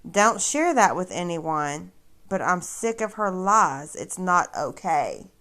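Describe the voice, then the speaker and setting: A woman's voice: fairly low pitch, very animated, takes it slowly, bright, forceful tone. Sarcastic woman on a livestream. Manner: sarcastic, mocking, talks straight to viewers. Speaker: livestream host. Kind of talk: casual livestream commentary.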